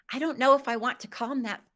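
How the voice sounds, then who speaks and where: A woman's voice: sits high, fairly bright tone. A woman in her fifties, a guest on a live stream interview, speaking candidly and reflectively with self-deprecating humor.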